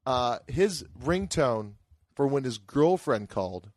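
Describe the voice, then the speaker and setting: A man's voice: mid-range voice, animated, slow, no echo. A man hosting a podcast, telling a rambling story in casual banter, loose and profane, often laughing. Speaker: podcast host.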